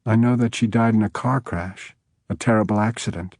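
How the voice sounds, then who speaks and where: A male audiobook narrator voicing a composed young woman who asks soft, measured questions. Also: fairly low pitch, steady tone, no room sound, studio quality, lightly acted. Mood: probing.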